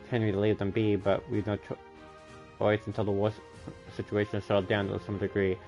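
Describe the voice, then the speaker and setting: A man's voice: fairly low pitch, flat delivery, brisk, a little mellow, dull audio, faint music behind. A man streaming live, reading game dialogue aloud and often correcting himself mid-line. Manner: reads lines aloud with frequent self-corrections.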